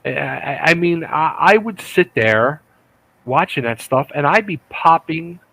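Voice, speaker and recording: Excitable, profane man telling stories. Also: a little high, a little slow, vocal fry, dry recording, poor audio. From United States. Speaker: guest, retired wrestler. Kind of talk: casual interview chat.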